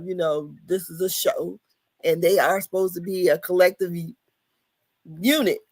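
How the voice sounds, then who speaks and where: A woman's voice: medium pitch, no room sound. A woman co-hosting a casual reality-TV recap podcast who is losing her voice and hammers home her point with repeats and fillers. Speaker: podcast co-host.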